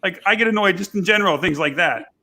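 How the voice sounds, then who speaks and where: A man's voice: sits high, quick pace, pushed and bright. A man co-hosting a casual chat podcast, telling a story bluntly and with exasperation. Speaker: podcast co-host.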